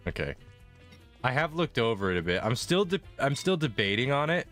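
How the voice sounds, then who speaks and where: A man chatting casually on a stream about tabletop characters, animated and laughing as he acts out lines. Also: mid-range voice, fairly quick, soft background music.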